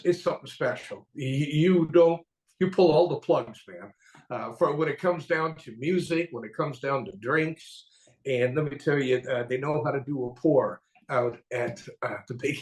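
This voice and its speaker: A man hosting a casual live stream, talking in a lively, folksy, enthusiastic way. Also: a little high. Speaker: host. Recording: echoey room.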